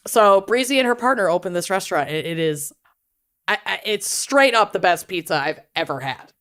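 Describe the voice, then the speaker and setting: A woman's voice: mid-range voice, lively intonation, normal speed, fairly bright tone. A woman co-hosting a podcast in casual chat, enthusiastic and laughing often. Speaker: podcast co-host.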